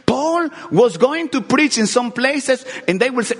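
A man's voice: extremely high pitch, lively intonation, a little slow. Man preaching. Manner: earnest, repeats words, swings from loud to hushed. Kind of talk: sermon with personal testimony. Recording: long hall reverb.

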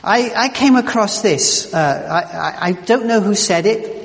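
A man preaching a sermon as pastor, emphatic and animated, often stumbling and repeating words. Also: sits high, unhurried, gravelly. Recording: long church reverb.

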